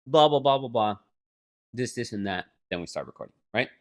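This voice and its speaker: Swearing heavily and putting on mock voices, a young male podcast co-host tells a story in casual chat. His medium-pitched voice moves a little fast, and the storytelling is profane and animated as he mimics others.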